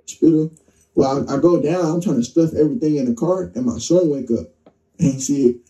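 Man, casual storyteller, slangy, acts out dialogue, dark mellow tone, mic set back. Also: fairly high pitch, a little fast, far from the mic, rough recording. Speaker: interview guest telling his story.

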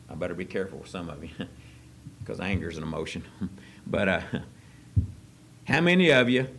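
Folksy preacher man, soft to loud. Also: lowish voice, a little hiss or hum. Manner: folksy, joking, swings from soft to loud excited. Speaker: pastor. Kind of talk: sermon. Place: church service.

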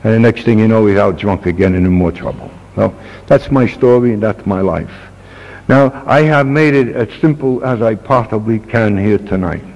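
A man's voice: on the low side, moderate pace, darkish tone. An older man, a grandfather, giving a plain-spoken, earnest talk to a recovery meeting. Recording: dull old tape with long reverb.

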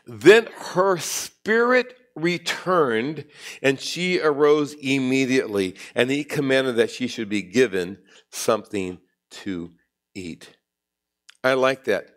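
A pastor delivers an animated sermon in a church, his pitch and volume leaping suddenly as he preaches.

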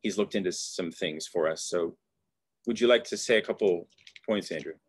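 A man hosting an online study group over a video call, talking in a thoughtful, halting way with fillers and restarts. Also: low-pitched, husky, no room sound.

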